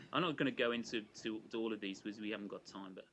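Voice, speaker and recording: A man lecturing an audience on his research, explaining points in a measured way with frequent restarts. His voice sits slightly low. The recording is muffled, with a faint hiss underneath. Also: expressive, fairly bright tone. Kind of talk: academic lecture.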